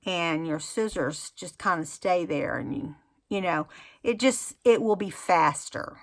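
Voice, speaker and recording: A woman hosting a craft tutorial, talking casually and rambling as she demonstrates. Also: fairly low pitch. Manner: chatty, rambling, self-admittedly unhurried.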